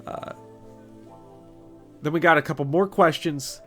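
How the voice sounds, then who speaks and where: A young Southern man from Kentucky, his accent filed down but still there, rambles through viewer questions in a loose, joking way. His voice is bright and forward, and a faint bed of music plays under him. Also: on the high side, unhurried. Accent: Kentucky Southern, softened. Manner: rambling, self-mocking, blunt. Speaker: channel host. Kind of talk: casual Q&A chat.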